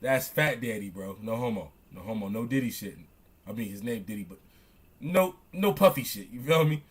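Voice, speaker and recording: A young man, reacting on stream in loud, excitable, slangy commentary that keeps repeating itself. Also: medium pitch, normal speed, slightly rough. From Chicago. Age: young adult.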